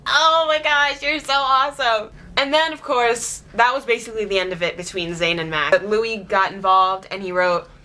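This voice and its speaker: A woman vlogging in casual chatty storytelling, giggly, excitable and gushing. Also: on the high side, normal speed, hardly any pauses.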